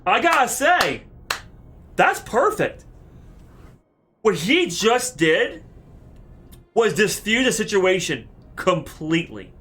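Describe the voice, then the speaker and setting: A man streams a game and reacts with heated, animated, cursing commentary. His bright voice swings widely in pitch. He talks at an unhurried pace. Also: soft background music. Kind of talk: let's play commentary.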